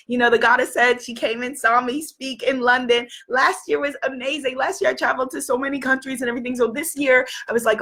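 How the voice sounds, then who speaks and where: A woman in her fifties from New York City, losing her voice, giving an emphatic motivational talk as a life coach, repeating affirmations and at times shouting. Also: high voice. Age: 50s.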